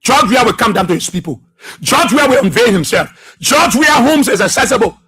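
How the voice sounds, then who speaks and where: A man's voice: very high-pitched, lively intonation, moderate pace, bright, forceful tone, husky. A man with a Liberian English accent, hosting a radio talk show and delivering impassioned, repetitive political commentary.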